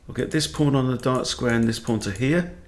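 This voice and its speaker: A man's voice: mid-range voice, fairly quick. A man who coaches chess, thinking aloud and muttering his moves as he plays a live game at his computer.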